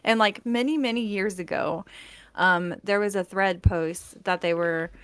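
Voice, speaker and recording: A woman guest who does voice acting, telling stories in a bubbly, laugh-filled way. Her voice sits at a middle pitch. The sound is dry and close, with no room echo. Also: unhurried, a bit bright, clean tone. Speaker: guest voice actor. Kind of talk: casual chat.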